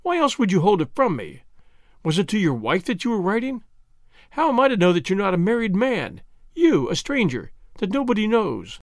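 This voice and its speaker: A man's voice: high voice, sing-song, fast talker, dry recording, clean studio sound. A man voicing an anxious, pleading nineteen-year-old woman in an audiobook reading, speaking emotionally and imploringly. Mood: alarmed.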